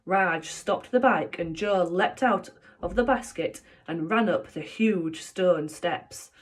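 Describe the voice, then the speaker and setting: A woman teacher reading a children's book aloud in an expressive storytelling manner. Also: fairly low pitch, slow pace.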